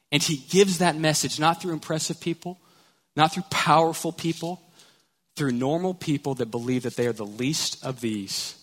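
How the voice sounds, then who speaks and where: An animated male pastor delivers a sermon with a slightly higher voice. His words ring out through the long reverb of a church sanctuary. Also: breathy edge. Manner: animated, storytelling.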